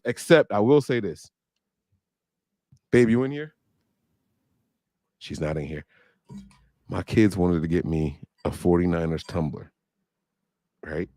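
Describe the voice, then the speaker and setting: A man's voice: on the low side, normal speed, long pauses, darkish tone, no echo, studio quality. A man in his thirties, co-hosting a podcast in loose, joking, slangy chat. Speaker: podcast co-host. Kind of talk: casual livestream chat.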